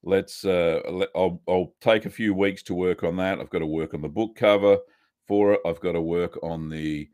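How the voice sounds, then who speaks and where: An Australian man hosting a casual live stream, chatting in a relaxed way and greeting viewers one by one. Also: sits low, normal speed, dry recording, clean studio sound.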